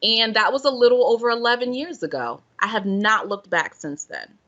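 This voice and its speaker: A bright, forward-voiced woman recounts her own story as a podcast guest, earnest and expressive, slipping into the voice of her past self. The audio is dull and lo-fi, like a remote call. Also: fairly high pitch, normal speed. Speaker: podcast guest, self-care and meditation guide. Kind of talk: personal story told in conversation.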